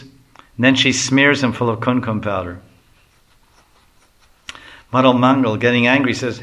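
A man's voice: medium pitch, fairly even intonation, unhurried, pauses often, a bit bright. A man reading a devotional story aloud, adding casual asides to explain. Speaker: reader.

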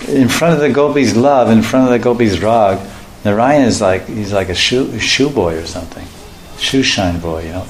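A man preaching a storytelling sermon, animated and often laughing as he acts out the voices in his story, in an echoey room. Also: fairly low pitch, normal speed, a little hiss or hum.

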